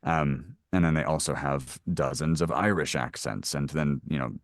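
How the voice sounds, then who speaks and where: Deep-voiced man explaining his craft. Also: normal speed, dry recording, clean studio sound. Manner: thoughtful, explains at length with many fillers. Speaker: audiobook narrator. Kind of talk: conversational interview answers.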